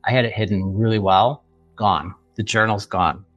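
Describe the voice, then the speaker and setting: A man's voice: lowish voice, normal speed, a bit bright, no echo, dull audio, faint music behind. A man in his fifties from the Chicago area, a book author sharing an emotional personal story as a podcast guest and acting out remembered dialogue. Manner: vivid retelling that acts out remembered dialogue.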